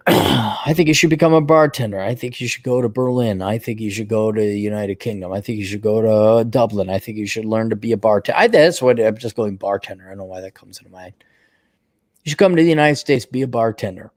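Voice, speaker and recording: A man hosting an advice show, ranting bluntly and profanely, his voice jumping between high mocking outbursts and low mutters. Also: a little fast, a little mellow, dry recording, clean studio sound. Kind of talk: profane advice livestream rant.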